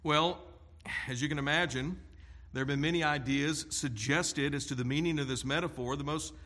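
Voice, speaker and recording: Emphatic preacher man, slightly high voice. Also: fairly even intonation, pushed and bright. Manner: emphatic, deliberate preaching with stressed words and repetition. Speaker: pastor. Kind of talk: sermon.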